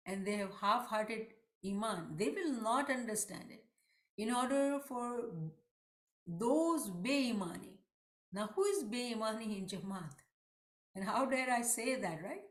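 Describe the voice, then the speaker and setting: A woman's voice: a little high, echoey room. A woman giving an online religious lesson, talking in an earnest, emphatic way and often asking rhetorical questions. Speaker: religious teacher.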